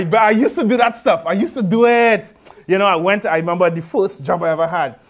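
A preacher delivers his sermon in a notably high voice for a man. He mixes rhetorical questions and repetition with joking, everyday asides. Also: gravelly. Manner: conversational and humorous asides in local speech.

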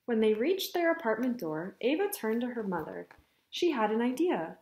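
A woman teacher reading a picture book aloud to children, telling it in an expressive, unhurried way. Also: on the high side. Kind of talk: storybook read-aloud. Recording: echoey room.

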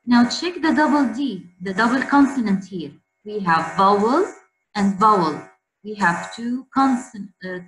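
A woman teacher giving a slow spelling lesson to children, repeating words so pupils can say them after her. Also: a little high, a bit bright. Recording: echoey room with faint hum.

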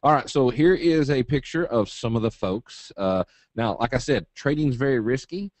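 A man's voice: mid-range voice, moderate pace, a little mellow, no echo. A man from Eastern Kentucky with a Southern drawl, presenting a live trading webinar in a folksy, joking, straight-talking way.

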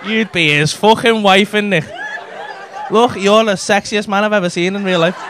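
Brash, crude comedian. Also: male voice, high-pitched, normal speed, fairly bright tone, slight background noise. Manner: brash, crude, teasing banter with constant swearing. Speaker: stand-up comedian. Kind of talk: crowd work at a comedy club. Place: comedy club stage.

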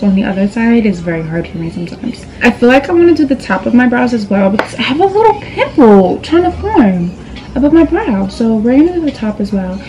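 Young female beauty vlogger, sassy and direct, warm mellow tone, faint room hiss. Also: a little high, low-quality recording. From New York. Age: young adult. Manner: sassy, direct, calls viewers girl and boo. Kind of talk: casual makeup tutorial chat. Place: indoors at a vanity.

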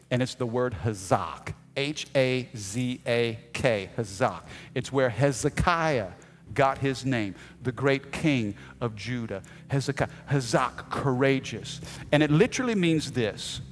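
A man preaching a sermon as pastor, telling stories with animated delivery and shouting out quoted lines. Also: mid-range voice. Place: church sanctuary. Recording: long hall reverb.

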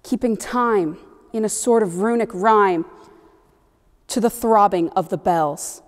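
A woman giving a solemn, steady poetry recitation as a stage performer. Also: medium pitch, takes it slowly. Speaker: student performer. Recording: long reverb of a hall.

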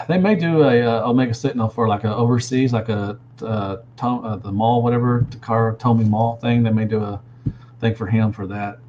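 A man's voice: mid-range voice, steady tone, moderate pace, dull audio, slight background noise. A man chatting casually as a toy reviewer, rambling and answering viewers as he goes. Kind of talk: casual livestream chat.

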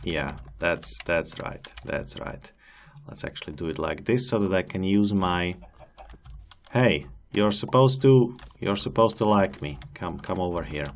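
A man's voice: low voice, animated, moderate pace, slight background noise. A man giving casual gameplay commentary as a channel host, chatty and amused as he coaxes animals along.

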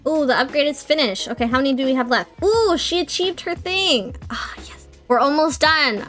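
A woman's voice: sits high, normal speed, fairly bright tone, faint music behind. A woman giving casual let's-play commentary, chatting to viewers and playfully scolding her game characters. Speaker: gameplay streamer.

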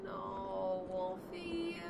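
A woman playing a horror video game and commenting on it casually, reacting emotionally with shouts and quiet, sad muttering. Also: medium pitch, expressive, very slow, creaky, loud music behind the voice. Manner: emotional, swings between shouting and sad mumbling. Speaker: let's play gamer.

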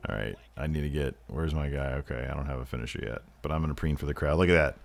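Casting: low-voiced guy, mock announcer calling game wrestling, crude jokes. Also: fast talker, creaky. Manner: jokey, profane, mock-announcer hype. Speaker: gameplay commentator. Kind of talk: mock wrestling play-by-play over gameplay.

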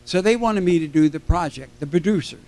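Older man, fairly high voice, convention panel guest, animated storyteller. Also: brisk. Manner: animated anecdotes, acting out quoted voices. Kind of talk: storytelling to a live audience. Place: convention stage.

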